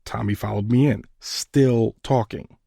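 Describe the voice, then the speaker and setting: Man, podcast storyteller, husky voice, earnest measured delivery, dry recording. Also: medium pitch, steady tone, dark tone, dry recording. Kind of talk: personal storytelling narration.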